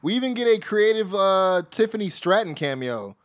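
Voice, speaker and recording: A man's voice: high voice, big pitch swings, normal speed. A man co-hosting a podcast, recapping wrestling shows in loose, profane chat, laughing often and acting out quotes. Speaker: podcast co-host.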